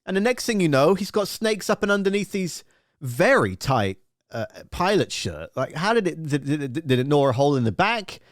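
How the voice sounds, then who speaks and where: A man's voice: on the high side, sing-song, normal speed, dry recording, clean studio sound. A man hosting a live radio stream, chatting casually and telling a rambling, profane, jokey story full of silly acted-out voices.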